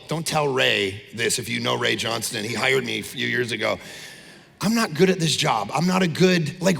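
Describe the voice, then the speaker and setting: A man preaching an animated sermon as pastor, with shouting peaks and quick impressions of people. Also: fairly high pitch, creaky, breathy edge. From Canada. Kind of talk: energetic sermon. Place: large church auditorium. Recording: long hall reverb.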